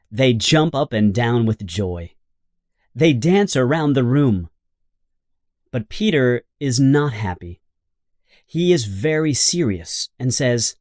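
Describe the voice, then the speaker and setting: A man reading a children's storybook aloud in a slow, simple, expressive narration. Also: mid-range voice, no room sound, studio quality. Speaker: audiobook narrator.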